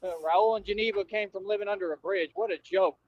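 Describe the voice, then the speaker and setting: A man's voice: high-pitched, fast. A man on a livestream delivering a confrontational, slangy rant at his viewers, repeating himself as he goes. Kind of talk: ranting livestream monologue. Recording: dull dry livestream audio.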